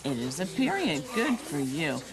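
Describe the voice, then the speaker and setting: A woman helping small children read one-on-one, slow and coaxing, praising each answer. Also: low-pitched, big pitch swings. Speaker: kindergarten teacher.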